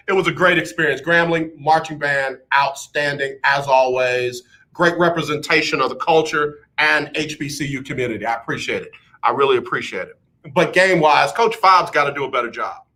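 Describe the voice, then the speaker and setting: A man's voice: sits high, moderate pace, sharp tone. A man hosting a radio show, talking emphatically and dropping into mock quotes of other people. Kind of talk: animated radio talk monologue.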